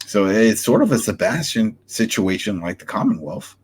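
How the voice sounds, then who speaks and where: A man's voice: fairly low pitch, very animated, normal speed, slightly rough. A man co-hosting a casual podcast discussion, animatedly recapping scenes and acting out the characters' lines. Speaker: podcast co-host.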